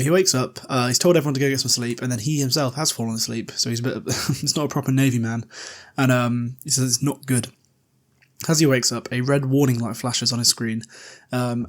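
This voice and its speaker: A young man hosting a casual podcast, recapping a book chapter in a rambling, chatty way with lots of filler words and self-deprecating asides. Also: mid-range voice. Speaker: podcast host.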